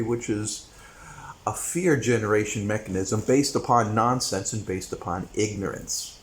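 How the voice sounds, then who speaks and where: A man's voice: on the low side, moderate pace, low-quality recording. A man hosting a commentary channel, delivering a rambling, opinionated monologue with sudden bursts of emphasis.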